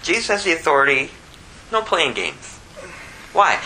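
A male pastor preaching verse by verse, his voice very bright and sharp and pitched a little high. He drops to near-hushed asides, then climbs into loud, emphatic bursts. A faint hiss and low rumble sit under his voice. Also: huge pitch swings, moderate pace, long pauses, low-quality recording. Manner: reads scripture aloud in King James wording. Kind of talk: expository Bible sermon.

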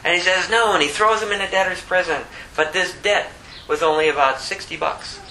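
Bright-voiced man preaching casually. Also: steady tone, slight background noise, poor audio. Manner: conversational, plays out the story characters in quick voices; rises high and loud when stressing a point. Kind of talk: informal sermon.

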